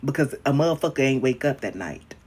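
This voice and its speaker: A young man chatting casually on a livestream, frank and profane, calling viewers honey and babe, his voice jumping up and down in pitch and loudness. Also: lively intonation, fairly quick, slightly rough. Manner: talks directly to viewers, calling them honey, babe and queen. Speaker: livestreaming social media creator.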